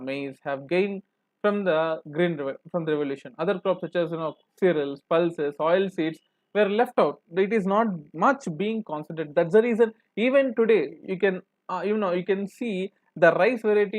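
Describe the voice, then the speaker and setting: Indian English-accented male coaching lecturer, pitched high, dry sound; explains and repeats, tag questions throughout. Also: darkish tone, no echo. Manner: explanatory, repeats points, frequent "right?" and "you know" tag questions. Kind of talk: live lecture discussing exam answers.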